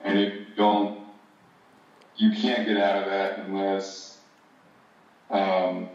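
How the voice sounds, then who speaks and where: A low-voiced man answering questions in a Bible study, slow and flat, hesitating with "uh"s. He is heard from far off in a very echoey room, and the sound is dull. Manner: hesitant, with fillers. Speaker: class member.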